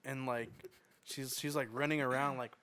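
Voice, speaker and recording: Young male podcast co-host, loose casual storyteller, swears a lot, mid pitch. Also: steady tone, normal speed. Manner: swears freely, acts out quotes loudly.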